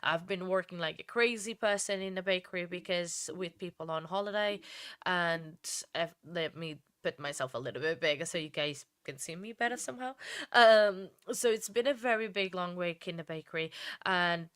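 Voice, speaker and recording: A woman's voice: fairly low pitch, moderate pace, a bit bright, clean tone, dry recording, clean studio sound. A woman hosting a casual true crime livestream, tired and emotional, rambling with many restarts and answering viewers by name. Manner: emotional and heartfelt. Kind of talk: casual live stream chat.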